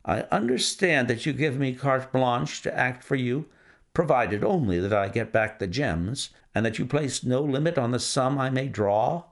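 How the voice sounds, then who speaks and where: A man reading aloud, playing a cool, self-assured gentleman detective with a measured, dry delivery. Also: mid-range voice, lively intonation, natural voice. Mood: composed. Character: cool, precise gentleman detective, adult male.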